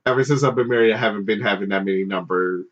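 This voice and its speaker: A man's voice: fairly low pitch, very fast. A married man hosting a podcast, telling a story in casual chat with lots of cursing and laughter. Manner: animated, profane, laughing storyteller. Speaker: podcast host. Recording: dull lo-fi sound.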